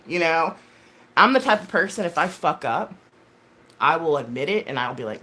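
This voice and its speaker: Woman in her thirties, live-stream host; blunt, foul-mouthed, rambling chat with a lively, swooping pitch. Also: moderate pace, slight background noise. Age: 30s. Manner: rambling, blunt and heavily profane; frequent fillers and self-corrections. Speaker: livestream host. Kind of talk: casual chat with live viewers.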